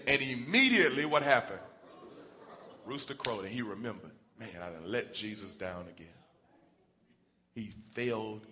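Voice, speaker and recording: Animated preacher man with a bright voice. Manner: animated, acts out Bible characters with rising pitch and volume. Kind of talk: sermon.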